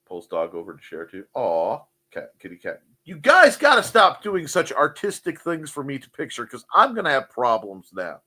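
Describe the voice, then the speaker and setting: Lively, bright-voiced male show host. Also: fairly high pitch, measured pace. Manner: joking, rambling, reads chat aloud. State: cold. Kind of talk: casual livestream chat.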